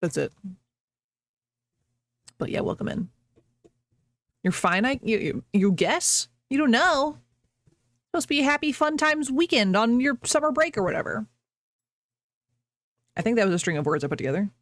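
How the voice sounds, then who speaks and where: A woman's voice: a little high, very animated, normal speed, pauses often, no echo. A woman streamer chatting casually with her viewers, rambling, laughing often and breaking off mid-sentence.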